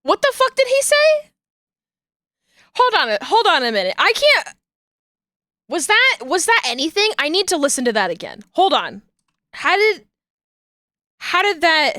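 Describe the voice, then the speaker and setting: A woman's voice: sits high, sing-song, normal speed, long pauses, pushed and bright, dry recording, studio quality. A woman streaming live, chatting casually and playfully with her viewers and giggling while she works. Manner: playful and giggly, talks to chat while working.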